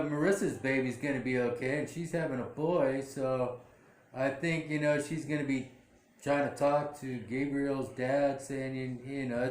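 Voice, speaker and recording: A man's voice: mid-range voice, a little mellow. Rambling man recapping a drama. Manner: rambling, full of fillers and self-corrections. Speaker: show recap vlogger. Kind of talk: casual episode recap. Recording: echoey room.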